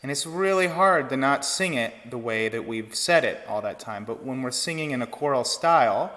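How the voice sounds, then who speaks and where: A man giving an online choir lesson, explaining breath and vowel shape in a relaxed teaching manner. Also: medium pitch, moderate pace, big-room sound. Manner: relaxed teaching talk with sung demonstrations. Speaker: choir director. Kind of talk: online vocal technique lesson.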